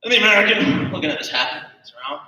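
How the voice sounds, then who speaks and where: A man telling a long joke on stage, acting out the characters' lines loudly. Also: high-pitched, rapid-fire. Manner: animated storyteller, acts out character lines loudly. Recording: echoey hall from far off.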